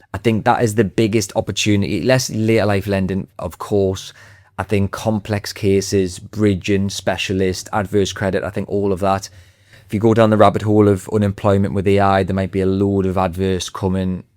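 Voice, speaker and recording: A man's voice: fairly low pitch, flat delivery, normal speed, a little mellow, no room sound, clean studio sound. A man speaking as a podcast guest, confident and emphatic in easy conversation. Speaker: podcast guest, sales trainer. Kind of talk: podcast interview.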